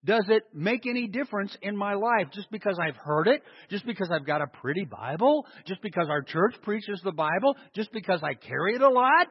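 A man preaches a sermon in a high, animated, slightly rough voice, moving at a fairly quick pace with few pauses. He is emphatic, stressing single words and posing rhetorical questions he answers himself. The sound is dull and lo-fi, echoing through a hall.

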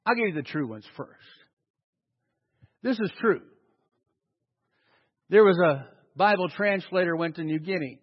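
A man preaching a sermon as a pastor, telling stories and swinging from loud acted-out quotes to hushed, slow emphasis. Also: high voice, lively intonation. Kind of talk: sermon storytelling. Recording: dull sound with long hall reverb.

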